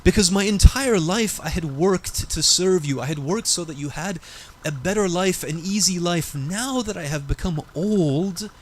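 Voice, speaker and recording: Man telling as an aging mother, heartfelt, quiet sorrow, lively rising pitch. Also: moderate pace, a little hiss or hum. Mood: hurt. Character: old mother, hurt and sorrowful.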